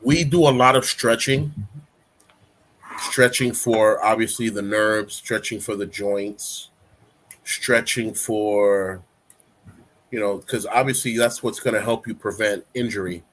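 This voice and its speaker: A man's voice: lowish voice, takes it slowly. Laid-back man hosting a live stream. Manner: relaxed, rambling, heavy use of "you know"; instructive, coaching tone. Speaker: livestream talk show host. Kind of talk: casual live-stream chat.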